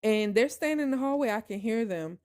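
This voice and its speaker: A woman hosting a podcast, telling a personal story in an emphatic, animated way and talking straight to her listeners. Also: a little high, a little fast. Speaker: podcast host.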